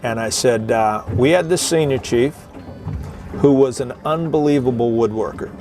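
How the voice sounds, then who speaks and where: A man's voice: medium pitch, normal speed, darkish tone. A middle-aged man, a Coast Guard veteran, casually telling a joking, salty story to his viewers. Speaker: retired Coast Guard veteran, video host. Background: music.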